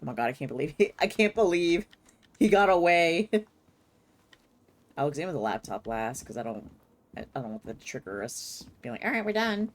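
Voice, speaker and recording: A woman livestreaming a narrative game, with a low voice that swings widely in pitch. Her commentary is casual and expressive, full of swearing and quick laughs. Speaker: streamer. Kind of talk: casual live gameplay commentary.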